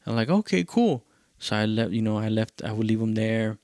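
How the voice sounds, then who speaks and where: A man's voice: lowish voice, monotone, fast, a little mellow, no room sound, studio quality. A male podcast host, telling a loose, profane story in a casual rambling way and dropping in Spanish phrases.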